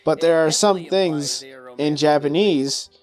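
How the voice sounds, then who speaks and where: Young guy, slightly high voice, animated profane rant over gameplay commentary. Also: takes it slowly, soft background music. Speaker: commentator on his own video review. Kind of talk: casual commentary.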